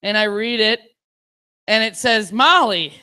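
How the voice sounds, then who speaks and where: A woman telling a stand-up story with a high, bright voice. She throws herself into the quotes she acts out and shouts her punchlines. Her voice stays lively and animated all the way through. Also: normal speed. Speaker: stand-up comedian. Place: bar stage.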